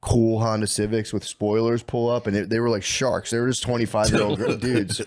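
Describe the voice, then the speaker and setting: A man's voice: lowish voice, flat delivery, fairly quick. A man co-hosting a podcast in loose, profane casual chat, laughing often. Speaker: podcast co-host.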